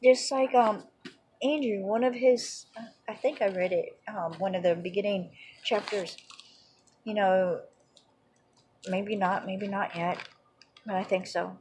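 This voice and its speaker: A woman's voice: medium pitch, unhurried, long pauses, darkish tone, slight background noise, poor audio. A woman teaching an informal Bible lesson in a rambling, conversational way, full of "you know" and "um".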